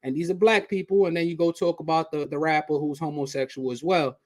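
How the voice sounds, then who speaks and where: A man hosting a casual live reaction stream, talking to his chat in a slangy, relaxed way. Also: a little high, fairly quick, no room sound, studio quality. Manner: slangy, talks straight to chat. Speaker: channel host.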